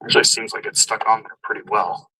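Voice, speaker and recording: Husky, bright-voiced DIY man. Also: lowish voice, level tone, fast talker, rough recording. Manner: step-by-step explaining, plain and upbeat. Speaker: DIY car vlogger. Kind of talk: casual how-to narration.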